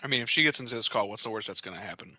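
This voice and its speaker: A man's voice: on the low side, racing, sharp tone, dry recording, low-quality recording. A man co-hosting a casual podcast, joking, teasing and laughing often over a home mic on a voice call. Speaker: podcast co-host.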